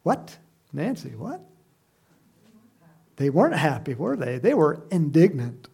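Male pastor, lively sermon delivery, raspy fry in the voice, acts out scenes. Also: on the high side, unhurried. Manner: lively, acts out quoted voices with sudden loud cries and laughs.

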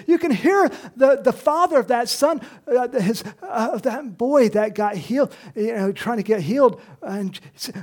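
A preacher delivering an animated sermon, swinging between hushed and loud passages. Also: medium pitch, moderate pace, few pauses.

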